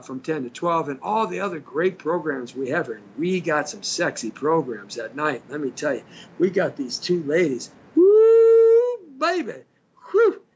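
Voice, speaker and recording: An older man hosting a radio show, wandering through chatty, joking asides at an easy pace. His voice sits a little high for a man. The studio feed sounds dull and lo-fi, with faint hiss underneath. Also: a bit bright. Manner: rambling, chatty, jokey asides. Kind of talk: casual radio monologue.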